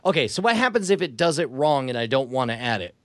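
Excitable man with a lively voice. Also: medium pitch, fast, no room sound. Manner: excitable, animated, laughs often. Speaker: podcast host testing an app. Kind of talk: casual chat, dictating test sentences.

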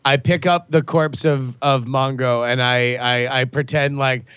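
A man's voice: medium pitch, fairly even intonation, unhurried, fairly bright tone, slight background noise. Stammering, goofy male player, lo-fi. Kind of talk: tabletop role-play banter.

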